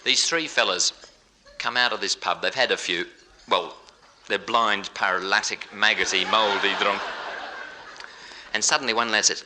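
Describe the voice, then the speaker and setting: A man with an Australian accent telling jokes in a chatty, quick live stage comedy routine. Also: lowish voice, pushed and bright, a little hiss or hum. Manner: quick, chatty joke-telling with broad comic asides. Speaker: entertainer. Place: live theatre show.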